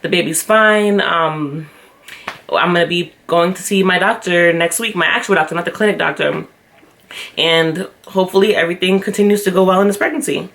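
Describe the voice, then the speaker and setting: A woman's voice: lowish voice, moderate pace. Chatty young woman telling a story. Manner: animated retelling, acting out others' lines; chatty with frequent fillers. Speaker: vlogger. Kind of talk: storytime vlog.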